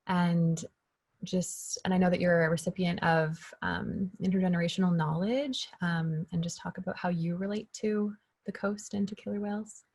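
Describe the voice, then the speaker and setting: A woman moderating an online panel, gentle and a little hesitant as she asks a question. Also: lowish voice, husky, no echo. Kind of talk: moderating a webinar. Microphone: video call.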